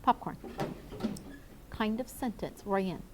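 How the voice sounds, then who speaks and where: A woman's voice: mid-range voice, lively intonation, slow, a little hiss or hum. A woman teacher leading a grammar review with her class, patiently asking questions and calling on students by name. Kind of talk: classroom lesson to students and viewers.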